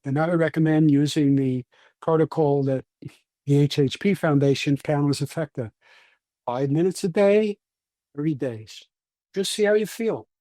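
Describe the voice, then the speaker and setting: Brooklyn-accented man explaining science, mellow voice. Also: a little high, no echo, studio quality. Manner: patient, lecturing, with frequent restarts. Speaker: breathing scientist guest. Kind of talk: explanatory interview answers.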